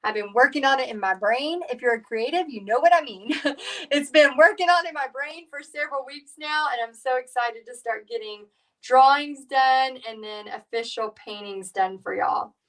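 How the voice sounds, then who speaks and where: A woman's voice: high-pitched, moderate pace, far from the mic, low-quality recording. Chatty woman painting instructor. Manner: chatty, rambling, warm storytelling with fillers. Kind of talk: live painting tutorial chat.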